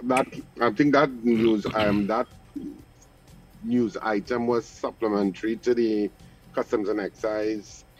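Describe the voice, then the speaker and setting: A man hosting a radio talk show, filling in news details in a measured way. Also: fairly low pitch, steady tone, faint music behind, low-quality recording. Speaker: radio host.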